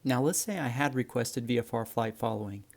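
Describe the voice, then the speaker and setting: Man, flight instructor, gravelly mellow voice, relaxed friendly explaining. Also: mid-range voice, a little fast. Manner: relaxed, friendly explaining, addresses viewers as guys. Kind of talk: instructional narration.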